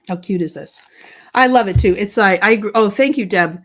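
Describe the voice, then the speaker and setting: A woman's voice: fairly low pitch, normal speed, a little hiss or hum. A chatty, bubbly woman hosting a live-streamed papercraft demo, answering viewer comments as she works and joking about herself. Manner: chatty, bubbly, self-deprecating, reads viewer comments aloud. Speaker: craft show host.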